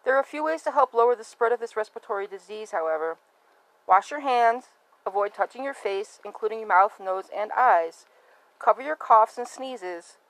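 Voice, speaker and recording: Dry, higher-voiced woman reading a notice. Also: normal speed, no echo, poor audio. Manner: even, read-aloud delivery. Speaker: podcast host. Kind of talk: scripted public service announcement.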